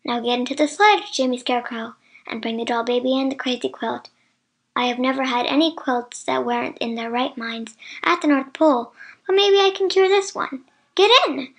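A woman's voice: high-pitched, normal speed. A woman voicing Santa Claus, a jolly and kindly old man, in a storybook reading with hearty, commanding exclamations. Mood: brisk.

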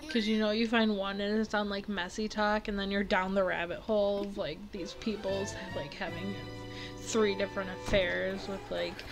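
A young woman giving rambling, giggly, excitable casual commentary while she plays a video game, with faint game music behind her. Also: medium pitch, normal speed. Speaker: gaming video creator.

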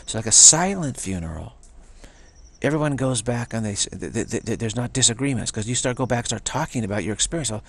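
A man speaks in a gravelly, slightly husky voice of ordinary pitch. He muses through a reflective spiritual talk, doubling back on his words. Now and then he slips into the voices of the people he quotes. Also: animated, a little fast. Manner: rambling, repeats words, acts out quoted voices.

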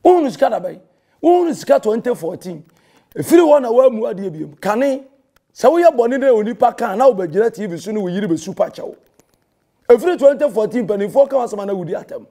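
Man, Ghanaian accent, pastor, confrontational rebuttal, high pitch, warm tone. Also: very animated, a little fast. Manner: scolding, confrontational, mixing in English phrases. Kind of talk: heated public rebuttal.

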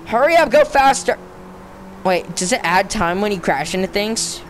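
A young man giving casual let's-play commentary on a racing game, talking to the game and himself in slang and often breaking into frustrated yelling. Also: high voice, normal speed, slight background noise. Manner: excitable, frustrated, bursts into yelling outbursts; talks to the game and himself, slangy, "dude" and "bro". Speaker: gamer narrating his own play.

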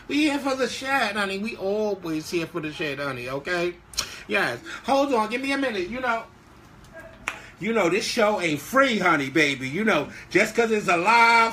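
Sassy high-voiced man hosting a live stream. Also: animated, moderate pace, sharp tone. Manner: sassy, flamboyant, heavy on "honey" and "bitch". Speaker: live-stream show host. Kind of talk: casual live-stream chat.

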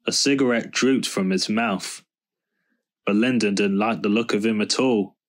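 A male storyteller reading a children's book aloud in a calm, measured way. He speaks slowly, in a fairly low voice. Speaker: storybook reader.

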